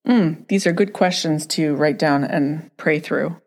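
A woman hosting a podcast, her voice on the lower side with a gravelly texture. She affirms her guest and turns to speak to listeners directly, in an encouraging way. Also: measured pace, a little mellow. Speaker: podcast host. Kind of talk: podcast conversation.

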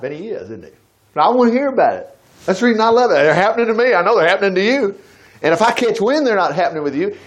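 A man preaching a conversational sermon, reading scripture aloud and breaking off into chatty, folksy asides. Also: sits high.

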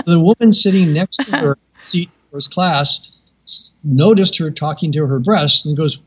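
A man tells a story as a guest on a podcast, with a husky and slightly high voice. He brings the people in it to life with raised, lively character voices. The recording sounds dull and lo-fi. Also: normal speed. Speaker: veterinarian and author, guest.

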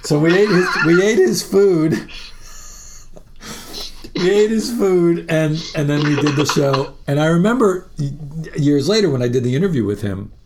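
A man, a musician, telling animated, profane road stories and laughing through them in a casual interview. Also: a little high, normal speed, a little hiss or hum. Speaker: musician guest.

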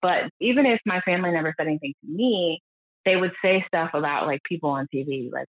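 An earnest, reflective woman from the United States talks openly as a guest in a candid podcast conversation, occasionally lowering her voice to quote others. Her low voice is rapid-fire, and the sound is thin, phone-like, and completely dry.

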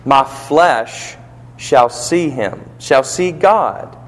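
A man's voice: medium pitch, lively intonation, very slow. A man preaching a sermon, building to emphatic peaks and asking rhetorical questions, in a church or funeral hall. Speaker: pastor. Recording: long reverb of a large hall.

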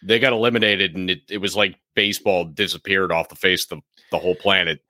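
A man's voice: sits low, steady tone, fast talker, pushed and bright, no room sound, clean studio sound. A man co-hosting a sports talk show, laid-back and blunt, with some mild swearing. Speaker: sports podcast co-host.

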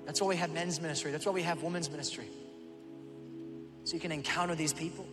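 Male pastor, sermon, animated storytelling, higher pitch, long hall reverb, faint music. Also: fast, long pauses. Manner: animated storytelling with acted-out voices. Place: church auditorium.

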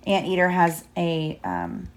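A mother reading a picture book aloud to her child, pausing to explain pages and ask questions. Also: low voice, very animated. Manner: stops to explain and quiz the child.

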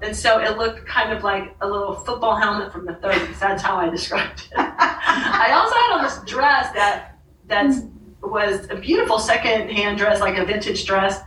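A woman's voice: medium pitch, sharp tone, echoey room, recorded from a distance, slight background noise, low-quality recording. A woman telling a personal story as a guest in a conversation, laughing often and acting out the voices of the people she quotes. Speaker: author and podcast guest.

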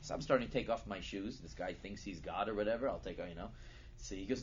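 A man giving a sermon as a lively storyteller who builds to loud, emphatic peaks. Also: on the low side, normal speed. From United States. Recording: dull lo-fi recording with faint noise.

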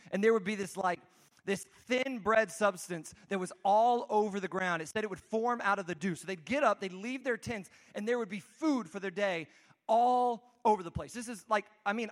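A man's voice: high-pitched, fairly bright tone. A man preaching a conversational sermon, telling the story casually with frequent restarts and asides. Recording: long hall reverb.

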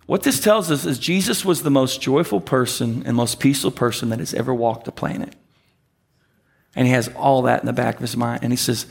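A man preaching a sermon as pastor, conversational with slow, emphatic phrases. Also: medium pitch, creaky, husky.

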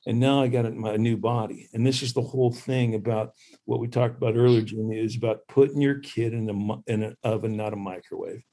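A man who played professional baseball, a guest telling lively stories about growing up competing with his brother. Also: a little fast. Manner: animated storyteller, mimics others in high voices. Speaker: podcast guest, former pro baseball player. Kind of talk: casual storytelling chat.

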